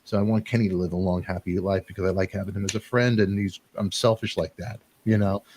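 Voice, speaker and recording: Rambling middle-aged man, low voice. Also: fast talker, slight background noise. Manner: rambling, animated storytelling with quoted voices. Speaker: talk show host. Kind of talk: emotional casual chat.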